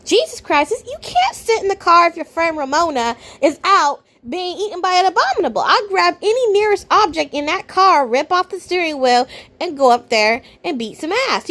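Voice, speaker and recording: A woman giving blunt, incredulous reaction commentary, swinging from low muttering to loud outbursts. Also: very animated, moderate pace. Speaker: reaction video host.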